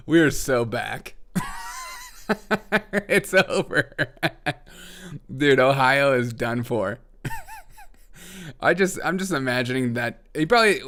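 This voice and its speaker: A man's voice: medium pitch, pushed and bright. A man hosting a comedy news live stream, talking sarcastically and laughing often. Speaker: host.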